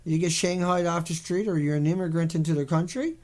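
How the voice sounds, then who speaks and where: A man's voice: fairly high pitch, steady tone, fairly quick, darkish tone. A man giving sarcastic, ranting commentary on a series of pictures, mocking and repetitive in his delivery. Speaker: video commentator.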